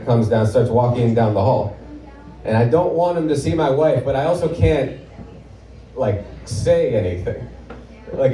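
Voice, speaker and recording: A man's voice: medium pitch, mellow. A man in his thirties from Portland, Oregon, performing a live stand-up comedy set with a wry, offhand, self-deprecating delivery. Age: 30s. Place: comedy club stage with live audience. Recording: roomy live club sound from a distance, audience laughter.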